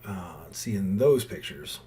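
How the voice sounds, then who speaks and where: A man's voice: low-pitched, lively intonation, takes it slowly, dark tone. Earnest, rambling middle-aged man. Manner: rambling, reflective, with many restarts and fillers; earnest and heartfelt. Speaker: podcast host. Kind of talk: personal monologue.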